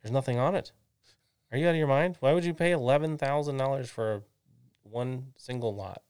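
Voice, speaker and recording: A man's voice: on the low side, fairly quick, smooth, dry recording, clean studio sound, natural voice. A man imitating his stubborn, dismissive older father in a raised, exasperated voice. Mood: incredulous.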